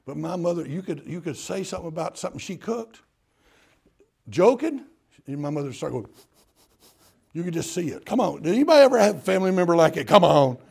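An older man preaching with a Tennessee drawl, telling homespun stories with country humor. His voice is gravelly and a little husky, sitting slightly high for a man. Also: sing-song, a little fast, pauses often. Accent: Southern US, Tennessee. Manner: folksy storytelling, drawling and humorous. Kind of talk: sermon.

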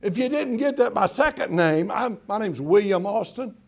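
A man preaching a sermon as pastor, swinging from loud calls to hushed tones and repeating words in bursts. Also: high-pitched, animated, normal speed.

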